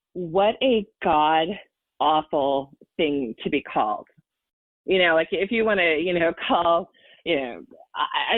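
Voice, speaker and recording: A woman's voice: on the low side, no echo. A woman in her forties tells a personal story on a podcast with earnest feeling, circling back through fillers and false starts. Her voice comes through a tinny, phone-like line. There is little room sound around her. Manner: earnest and emotional, rambling with many fillers and restarts. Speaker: podcast guest. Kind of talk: personal storytelling in casual chat.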